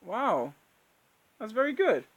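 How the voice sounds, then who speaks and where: A man's voice: high voice, very animated, takes it slowly, a bit bright. A man hosting a live Q&A stream, chatting casually and laughing often as he answers viewers.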